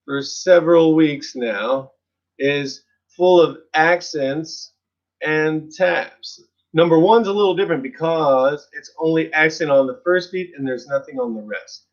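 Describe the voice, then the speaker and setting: A man teaching an online drum lesson in a percussion studio, counting beats aloud in an encouraging, relaxed way. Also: fairly high pitch, highs cut off.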